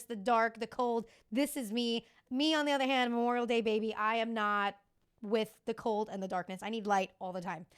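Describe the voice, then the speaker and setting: A woman's voice: mid-range voice, clear, resonant tone. Candid, swearing woman in her thirties. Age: 30s. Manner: candid and profane, confiding. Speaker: podcast host. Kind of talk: casual chat.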